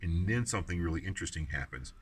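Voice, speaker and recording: At outdoor ruins, an American man teaches the Bible on site, speaking loosely with lots of fillers and restarts. His voice sits low, with lively intonation and a quick pace, picked up by a distant mic that captures clear outdoor ambience.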